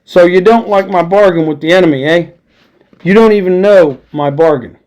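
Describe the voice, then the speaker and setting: A man voicing a crafty, gruff male pirate captain who blusters and wheedles in old sailor talk. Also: high-pitched, moderate pace, darkish tone, close to an everyday voice. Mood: blustering.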